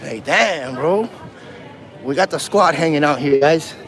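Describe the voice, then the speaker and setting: A man's voice: on the high side, expressive, a little slow, a bit bright. A man auditing police on a livestream, talking in a taunting, provocative, slangy way while filming on a handheld phone outdoors in a city. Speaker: first amendment auditor. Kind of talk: livestreamed street confrontation.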